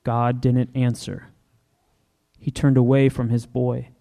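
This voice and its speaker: Slow, solemn male storyteller. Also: mid-range voice, little pitch movement, gravelly, warm tone. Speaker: reader. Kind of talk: dramatic scripture reading.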